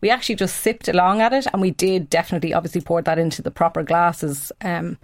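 A woman's voice: fairly low pitch, fairly even intonation, fast talker. Enthusiastic woman talking wine. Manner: enthusiastic, chatty. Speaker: wine expert guest. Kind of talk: casual radio chat.

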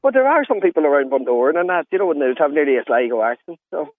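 A man's voice: on the high side, lively intonation, fast talker, a little hiss or hum. A man with a Donegal Irish accent, chatting as a radio guest and rambling with lots of fillers. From Donegal, Ireland. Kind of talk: radio phone-in chat. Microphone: telephone line. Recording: tinny phone line, dry.

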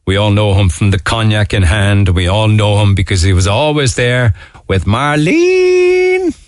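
A man's voice: lowish voice, normal speed, no echo, clean studio sound. A man hosting a radio show, chatting casually with rambling jokey asides. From Ireland. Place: radio studio. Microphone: studio microphone.

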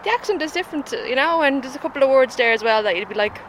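A woman's voice: high-pitched, lively intonation, racing, fairly bright tone, a little hiss or hum, poor audio. A woman with a Dublin accent, chatting in a street interview and laughing often. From Ireland.

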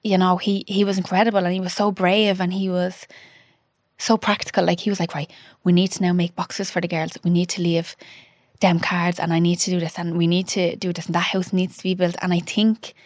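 A woman in her thirties, a podcast guest telling an emotional personal story. She talks haltingly, with restarts and quoted dialogue. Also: lowish voice, flat delivery, a little mellow, no echo, studio quality.

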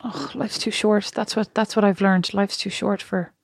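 A woman's voice: medium pitch, fairly even intonation, normal speed, vocal fry, breathy edge, no room sound, studio quality. A woman co-hosting a podcast, chatting casually and rambling, laughing often. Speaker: podcast co-host. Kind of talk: casual chat.

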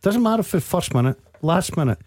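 A man, a former player, giving animated football analysis on the radio while out of breath. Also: sits high, fast talker, dry recording, clean studio sound. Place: radio studio.

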